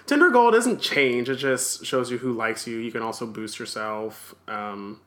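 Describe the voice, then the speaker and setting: A man's voice: mid-range voice, expressive, measured pace, a bit bright. A man co-hosting a casual podcast chat, candid and joking, laughing often. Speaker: podcast co-host.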